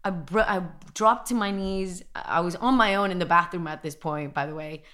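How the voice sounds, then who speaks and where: A woman co-hosting a podcast, telling a personal story in casual chat, animated and quick to laugh. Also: lowish voice. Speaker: podcast co-host.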